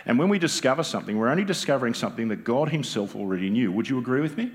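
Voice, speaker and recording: A man's voice: medium pitch, lively intonation, rapid-fire. An Australian man preaching a sermon as pastor, conversational and joking with the congregation, often asking them rhetorical questions. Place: church.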